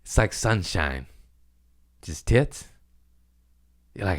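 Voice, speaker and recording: A man's voice: low voice, lively intonation, measured pace, smooth. A young man hosting his own podcast, rambling in crude, self-mocking casual chat. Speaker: podcast host.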